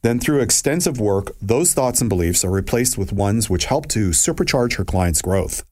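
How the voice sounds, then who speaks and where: Lively, joking male show host. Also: fairly low pitch, moderate pace. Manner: jokey, self-mocking banter. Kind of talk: casual interview chat.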